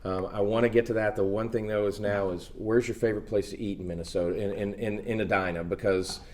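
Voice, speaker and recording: Halting, low-voiced man hosting a chat. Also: steady tone, a little mellow, a little hiss or hum. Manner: halting, with many fillers and restarts. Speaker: host. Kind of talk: casual chat. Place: hotel suite.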